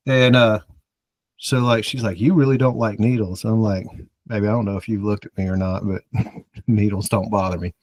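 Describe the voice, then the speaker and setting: A man's voice: on the low side, flat delivery, moderate pace. A man from the American South, a podcast co-host, telling a rambling, self-mocking story in casual chat and acting out the dialogue.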